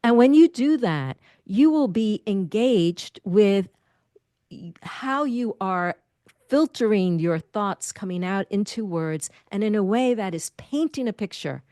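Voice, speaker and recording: Middle-aged woman coaching on public speaking, expressive, plays with her voice, dry sound. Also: medium pitch, unhurried, no room sound. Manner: expressive, demonstrates voice habits. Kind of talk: interview guest giving advice.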